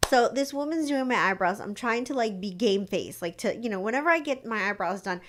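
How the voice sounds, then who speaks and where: A woman's voice: fairly high pitch, lively intonation, brisk, a bit bright. A young woman hosting a live stream, rambling casually with lots of fillers and acting out quoted lines. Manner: chatty, rambling, lots of "like" and restarts; acts out quoted lines in her stories. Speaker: psychic livestream host.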